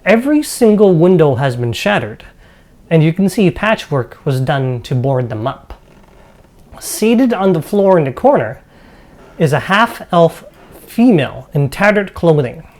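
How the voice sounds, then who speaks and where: A woman narrating a tabletop game as game master, reading scene descriptions with a steady pace and brief asides to players. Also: deep voice, unhurried.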